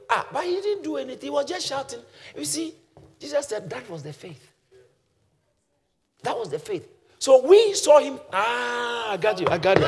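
A man preaching a sermon as a pastor, moving between quiet scripture reading and loud shouted exhortation. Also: very high-pitched, in a large hall.

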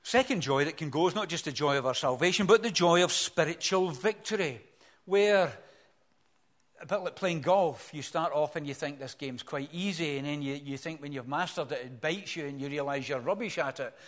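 Earnest older man preaching. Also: on the high side. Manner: earnest, builds to emphatic peaks, then drops soft and slow. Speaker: pastor. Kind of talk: sermon.

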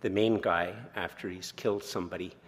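A man in his sixties, a pastor preaching a sermon, conversational and self-deprecating, slowing down to read scripture. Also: low voice, fairly even intonation. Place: church sanctuary. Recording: long reverb of a church hall.

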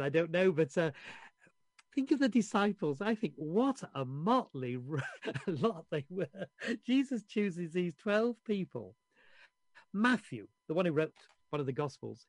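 A man with a somewhat high voice preaches in a dry, close sound. He retells the stories in a chatty way, acting out the quoted voices. He often restarts and repeats his words. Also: darkish tone, dry recording. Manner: storytelling, acting out quoted voices, chuckling asides. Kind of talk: sermon.

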